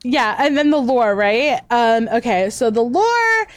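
A woman's voice: on the high side, sing-song, measured pace, dry recording. A woman guest, a VTuber, chatting casually and rambling with fillers and restarts. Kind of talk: casual chat.

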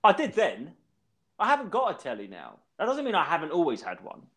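A man in his thirties from England, co-hosting a podcast in casual chat, rambling through an animated story and swearing freely. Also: a little high, a little fast, slightly rough. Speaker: podcast co-host.

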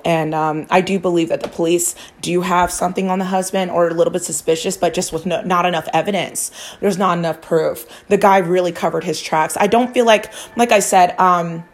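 A woman vlogger chatting straight to her viewers about her psychic hunches. She rambles and confides in a loose, conversational way, with the odd swear word and plenty of restarts. Her voice sits at an ordinary middle pitch. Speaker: psychic true-crime vlogger. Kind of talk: casual chat to camera.

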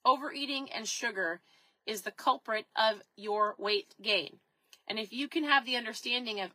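A woman in her thirties talks straight to camera in a bright, slightly raised voice, upbeat and chatty. She keeps asking her viewers questions. The sound is dry and close, with no room around it. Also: fairly high pitch, measured pace, pauses often, no room sound, rough recording. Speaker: keto lifestyle vlogger. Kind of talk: casual direct-to-camera talk.

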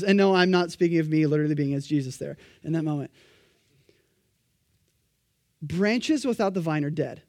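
A man preaching a sermon, animated and emphatic, acting out the voices of the people he quotes. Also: sits high, a little fast, no room sound, clean studio sound.

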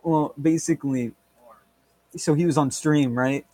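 A man's voice: on the high side, steady tone, unhurried, mellow, dry recording. A man co-hosting a podcast, rambling and joking in casual banter, swearing freely. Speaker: podcast co-host.

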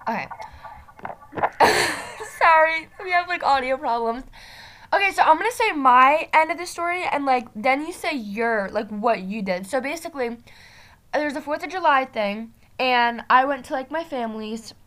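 High-voiced chatty teen girl. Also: fairly bright tone. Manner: chatty, many fillers, giggly storytelling. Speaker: vlogger. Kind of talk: casual chat. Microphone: video call.

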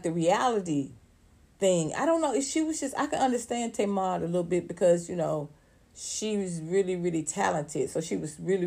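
A woman, hosting casual celebrity gossip commentary in an animated, profane way, laughing often. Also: medium pitch, vocal fry, husky. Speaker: commentary channel host.

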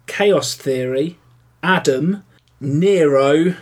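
A man co-hosting a casual board game podcast, chatting keenly and throwing in quick quips. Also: on the high side, darkish tone. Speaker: podcast co-host.

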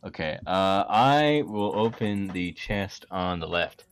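A man playing a tabletop game, excitable and quick to swear, stumbling over restarts. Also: low voice, smooth. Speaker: player. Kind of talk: casual tabletop game play.

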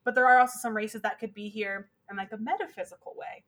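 A woman's voice: on the high side, steady tone, quick pace, a bit bright. A woman co-hosting a podcast, talking in a casual, chatty way with lots of filler words. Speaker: podcast co-host. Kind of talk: casual chat.

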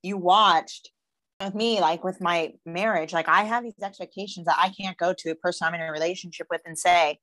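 A woman with a fairly low voice talks frankly and emphatically in a casual podcast chat. Her voice sounds dry and close, with slangy, everyday phrasing. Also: fairly even intonation, fairly quick, fairly bright tone, no echo. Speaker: podcast co-host.

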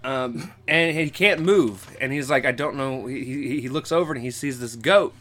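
Bright-voiced man retelling a plot. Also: medium pitch. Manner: quick, animated retelling with quoted lines. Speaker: podcast co-host recapping a cartoon. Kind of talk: casual chat, retelling a plot.

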